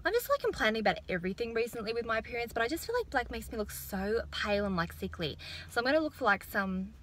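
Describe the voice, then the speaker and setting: A woman's voice: a little high, quick pace, a little hiss or hum. Chatty Australian woman vlogging. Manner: chatty, lots of "like" fillers, excitable. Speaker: beauty vlogger. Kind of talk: casual vlog chat. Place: in a car, then indoors at home.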